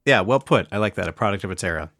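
A fairly low-voiced man hosts a movie podcast in a relaxed, affirming way, turning to his co-hosts for their views. His voice is recorded dry and close. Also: rapid-fire, no room sound. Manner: easygoing, affirming, steers the talk. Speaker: podcast host. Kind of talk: casual movie-review chat.

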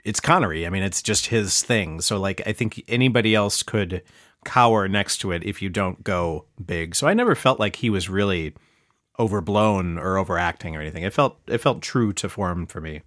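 A fairly low-voiced man hosts a movie podcast in a relaxed, affirming way, turning to his co-hosts for their views. His voice is recorded dry and close. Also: moderate pace, no echo. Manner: easygoing, affirming, steers the talk. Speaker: podcast host. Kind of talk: casual movie-review chat.

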